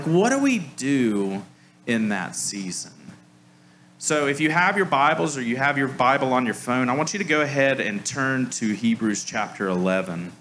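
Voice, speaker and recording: A male pastor delivers a relaxed, chatty sermon, his voice bright and forceful. His pitch swings widely as he tells stories and drops "like" into his talk, with a light self-deprecating humor, over a faint hiss. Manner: casual storytelling, frequent "like" fillers. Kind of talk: conversational sermon.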